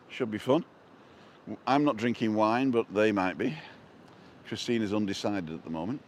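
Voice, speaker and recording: A fairly low-pitched middle-aged man with a Manchester English accent talks casually on a seaside walkway, filming a walking vlog and drifting into asides. He's a vlogger from North West England, and a little hiss or hum can be heard.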